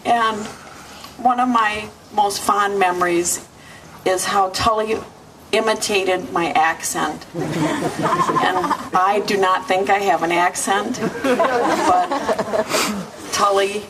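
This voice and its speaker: A middle-aged woman giving a fond, halting eulogy for her son, laughing softly through her memories. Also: mid-range voice, a crowd in the background. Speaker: mother of the deceased, eulogy speaker. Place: memorial gathering. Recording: distant mic, noisy room.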